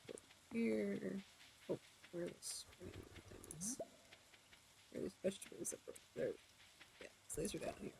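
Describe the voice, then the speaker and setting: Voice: mid-range voice, normal speed, vocal fry, pauses often, darkish tone, a little hiss or hum. A game streamer giving live commentary, muttering to themself while playing and now and then talking to chat.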